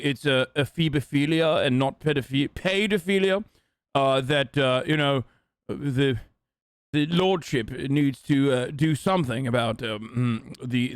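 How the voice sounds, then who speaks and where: A man's voice: medium pitch, clear, resonant tone, no echo, studio quality, lightly acted. A man putting on a posh British accent to play a pompous, rambling politician who stalls with endless ums and uhs. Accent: put-on posh British. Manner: halting, full of ums and uhs.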